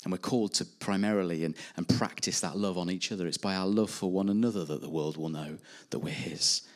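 A man's voice: deep voice, a little fast, a little mellow. Earnest man preaching. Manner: earnest preaching, rising and dropping emphasis. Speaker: pastor. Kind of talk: sermon.

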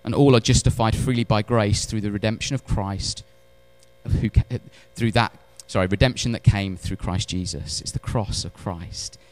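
A man preaching a sermon in church, animated, swinging between loud emphatic lines and hushed ones, with wry humorous asides. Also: on the low side, moderate pace. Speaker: pastor.

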